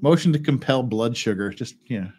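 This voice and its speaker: A man co-hosts a podcast of casual legal commentary, reading court filings aloud and then riffing on them with wry sarcasm. His mid-range, slightly mellow voice is lively and a little fast, with a little hiss or hum in the audio.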